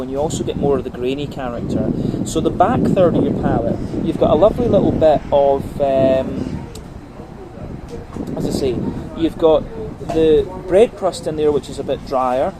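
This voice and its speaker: Guy doing a slow careful beer tasting review, lots of ums, steady hum and noise behind him. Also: fairly high pitch. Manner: methodical, talks through flavours layer by layer with many fillers. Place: on a brewery visit.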